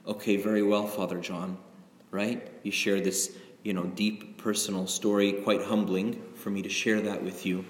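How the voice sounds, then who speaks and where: A middle-aged man preaches in a relaxed, confessional way, his fairly low voice often turning to the congregation with a questioning "right?". The sound rings through a large, reverberant church hall with a long tail. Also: normal speed. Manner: conversational, confessional, frequent "right?" asides. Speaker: pastor. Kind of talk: sermon.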